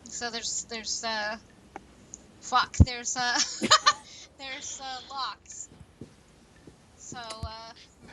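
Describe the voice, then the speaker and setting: Eine Frau spielt ein Tischrollenspiel mit und redet locker, stockend und mit vielen Ähs. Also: female voice, a little high, fairly even intonation, drawn-out words, long pauses, heavy background noise. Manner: hesitant, stammering, with laughs. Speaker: player. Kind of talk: casual chat at a tabletop game.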